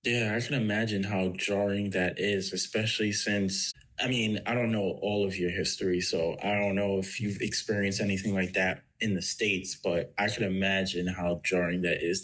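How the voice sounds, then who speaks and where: A man hosting a podcast, chatting casually and telling his own story in a relaxed way. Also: lowish voice, moderate pace. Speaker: podcast host. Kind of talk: casual chat.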